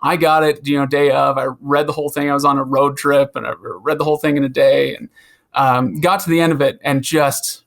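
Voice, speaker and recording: A man hosting a podcast, asking questions and telling a story in a relaxed, conversational way. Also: medium pitch, a little fast, gravelly. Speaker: podcast host.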